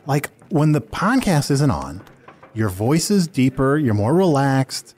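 A man's voice: mid-range voice, big pitch swings, measured pace, a little mellow, a little hiss or hum. A man hosting an improvised comedy podcast, playful and exclamatory. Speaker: podcast host.

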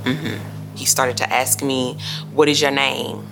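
A woman with a very low voice and a gravelly fry tells her story in an interview. She speaks softly and hesitantly, often answering with a quiet mm-hmm. Faint music plays behind her. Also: level tone, a little slow. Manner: soft, hesitant, many quiet mm-hmms. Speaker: crime survivor interviewee. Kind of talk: emotional first-person recounting.

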